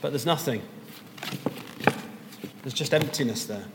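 A man's voice: medium pitch, a little slow, gravelly, big-room sound, heavy background noise. A man preaching a sermon as pastor, earnest and rising to emphatic peaks.

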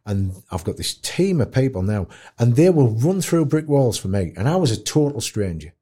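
A man tells his stories as an interview guest, blunt and chatty. His husky, mellow voice rises and falls a lot as he gets into an anecdote. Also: mid-range voice, very animated, moderate pace. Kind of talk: animated storytelling in an interview.

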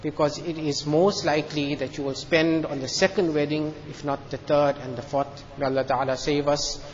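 A man delivers a Friday sermon in a mosque with an earnest, repetitive manner. His voice sits high. The recording is dull and lo-fi. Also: flat delivery, normal speed, slight background noise. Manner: earnest, repeats phrases, tells a joke story. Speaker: mufti giving Friday lecture.

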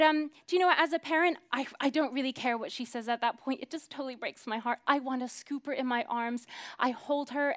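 A woman in her thirties preaching a sermon, earnest, dropping to hushed whispers and then rising to emphatic swells. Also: high voice.

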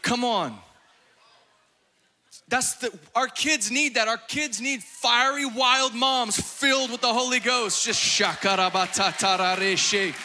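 Fiery high-voiced male preacher. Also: slow pace. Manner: fiery, exuberant, shouting and laughing at times; acts out quoted voices in his preaching. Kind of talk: sermon.

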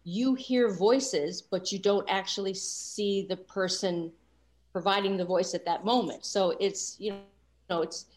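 A woman of sixty from Los Angeles, a guest voice actor talking about her career in an animated, enthusiastic way with frequent fillers. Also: mid-range voice, measured pace. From Los Angeles, USA. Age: 60s. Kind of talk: casual interview chat.

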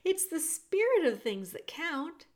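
A woman voicing a gentle, kind twelve-year-old princess who speaks politely and graciously. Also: very high-pitched, very animated, a little slow, voice pushed up, full character voice. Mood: gracious, patient.

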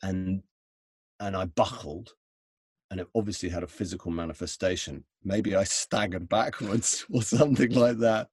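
A middle-aged man telling an anecdote in conversation, animated, with restarts and laughs. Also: sits low, moderate pace, slightly rough, no room sound. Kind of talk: conversational storytelling.

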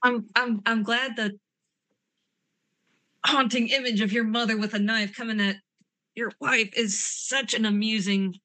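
Bright-voiced woman role-playing. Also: on the high side, steady tone, measured pace, pauses often, no echo. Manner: chatty, uses lots of likes. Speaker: tabletop role-play player. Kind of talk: in-character role-play chat.

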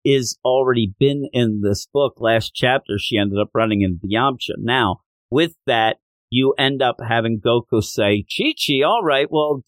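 A man hosting a podcast, recapping a manga chapter and acting out the characters' lines in animated storytelling. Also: medium pitch, unhurried, dry recording, studio quality. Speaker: podcast host.

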